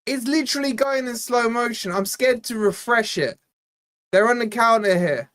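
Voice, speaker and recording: A chatty man hosts a live football watch-along stream. He teases his viewers in loose, casual banter and then snaps into quick bursts of match commentary. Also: very high-pitched, a bit bright, no room sound, studio quality. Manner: chatty, teasing, jumps between quiz talk and play-by-play. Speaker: fan channel host doing live match watch-along.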